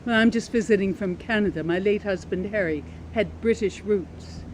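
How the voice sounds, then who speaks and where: A woman voicing a polite Canadian widow on a tour, gentle and a little hesitant. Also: mid-range voice, moderate pace, slight background noise, natural voice, rough recording. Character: polite Canadian widow traveller, music lover.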